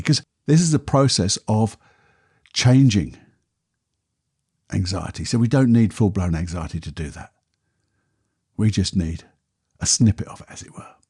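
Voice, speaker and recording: A man, a podcast host and therapist, talking a listener calmly through a guided exercise in a soft, unhurried voice. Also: fairly low pitch, husky. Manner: calm, soft, unhurried guiding voice.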